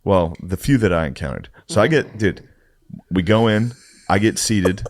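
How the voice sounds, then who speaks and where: Low-voiced man telling a profane story. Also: normal speed. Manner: profane, animated anecdote-telling with acted-out quotes. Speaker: podcast storyteller. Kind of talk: casual chat.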